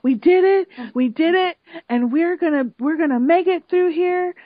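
A woman voicing an excited houseguest who cheers on her group, talking in a raised, eager way. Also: very high voice, normal speed, no echo, pitched above the performer's own voice. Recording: dull lo-fi sound.

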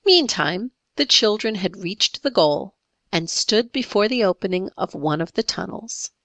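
A woman narrating a classic story in a measured, expressive reading. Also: fairly low pitch, gravelly, no room sound.

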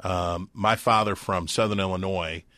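A man's voice: low-pitched, steady tone, normal speed, bright, forceful tone, no room sound. A man co-hosting a podcast, talking in a casual, rambling way with folksy comparisons and a wry tone. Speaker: podcast co-host. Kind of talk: casual chat.

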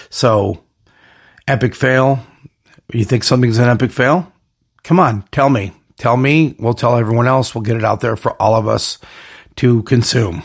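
A man hosts his own podcast alone, with a gravelly, creaky edge on a voice of middling pitch. He rambles in a hyped-up way, piling up slogans and catchphrases. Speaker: podcast host. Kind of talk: solo podcast monologue.

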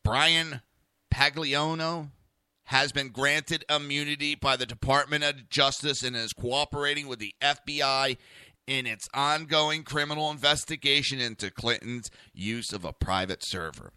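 Blunt, profane Jersey talk radio host. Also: male voice, medium pitch, measured pace, bright, forceful tone, clear, resonant tone, no room sound, clean studio sound. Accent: New Jersey. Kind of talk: opinionated talk radio rant.

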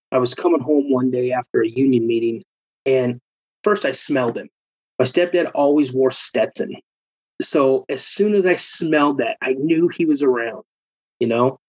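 Podcast guest, man: husky, earnest, halting delivery, slightly muffled remote recording. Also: mid-range voice, no room sound. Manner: earnest, halting, repeats words. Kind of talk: emotional storytelling.

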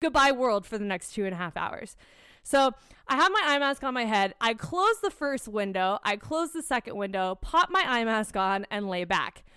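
Swearing woman telling a story, smooth voice. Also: on the high side, moderate pace, dry recording, clean studio sound. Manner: swears a lot, animated storytelling. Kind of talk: casual chat.

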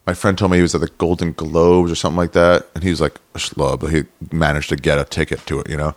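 A man in casual chat, telling quick profane anecdotes. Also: a bass voice, level tone, no room sound.

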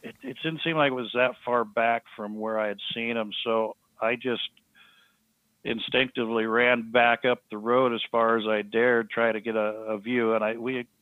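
A man, a podcast guest, telling a story in a halting, earnest way with many restarts. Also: medium pitch, steady tone, no echo. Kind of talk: storytelling in an interview. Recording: thin phone-like line, dry.

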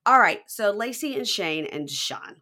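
A woman podcast host casually recapping a reality show, telling it in an animated way and slipping into impressions. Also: medium pitch, moderate pace. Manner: animated storyteller who slips into impressions.

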